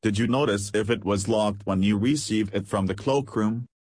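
A man with a low, husky voice reading the part of a calm, understated detective in an audiobook. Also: normal speed, no room sound. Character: calm shrewd middle-aged male detective.

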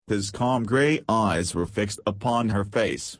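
A man narrating a period novel in a measured, even storytelling manner. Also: fairly low pitch, no room sound. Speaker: audiobook narrator. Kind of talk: scripted narration.

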